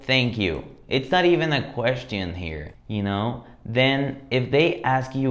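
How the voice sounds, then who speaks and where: Confident man coaching phone sales. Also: mid-range voice. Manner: direct and confident, acts out phone lines. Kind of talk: instructional talk.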